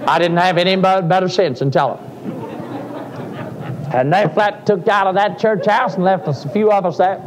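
A man's voice: high voice, normal speed, pauses often, a crowd in the background, background noise. An older man, preaching a sermon in a folksy storytelling way that rises to fervent cries. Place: church sanctuary. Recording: live sermon in a reverberant church.

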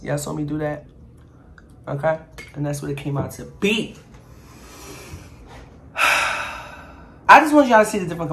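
A cooking vlogger with a low-sitting voice chats right to her viewers, calling them "y'all," while she cooks and eats. She tastes her food as she talks and brags about it playfully, and there's a little background noise.

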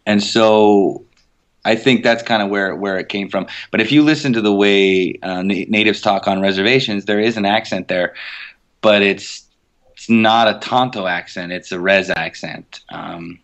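A man with a fairly low voice talks over his craft in a relaxed, easygoing way. He circles back, restarts his sentences and fills the gaps with "you know" and "um." It sounds like an unscripted conversation. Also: moderate pace. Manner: relaxed, thoughtful, lots of fillers and restarts. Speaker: voice actor guest. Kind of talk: casual interview chat.

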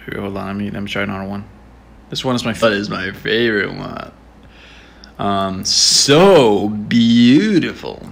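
A man chatting casually and playfully on a live stream, giggling and quick to apologize. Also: lowish voice, little pitch movement, gravelly, bright, forceful tone.

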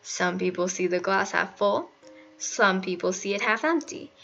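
A woman's voice: mid-range voice, animated, moderate pace, vocal fry, fairly bright tone. A woman voicing a teenage boy who jokes around and gets flustered around a girl, in a casual manner for a storybook reading. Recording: muffled, faint music behind.

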